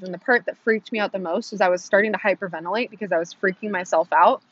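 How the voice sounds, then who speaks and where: A woman's voice: mid-range voice, steady tone, quick pace, few pauses, dull audio. A young woman telling her viewers a personal story in a casual, chatty way, with lots of "like" and acted-out quotes. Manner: chatty, frequent "like", acts out quotes. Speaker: vlogger.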